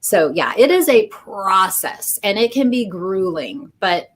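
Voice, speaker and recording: A woman book editor talking in a casual interview, animated and acting out voices as she tells stories. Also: medium pitch, a little slow, a little hiss or hum. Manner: animated, acts out voices when telling stories.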